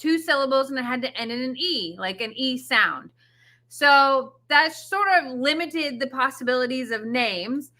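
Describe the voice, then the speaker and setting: A woman's voice: sits high, expressive, normal speed, bright, forceful tone. A woman co-hosting a casual chat, explaining things patiently and methodically. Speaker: co-host of an animal sanctuary channel.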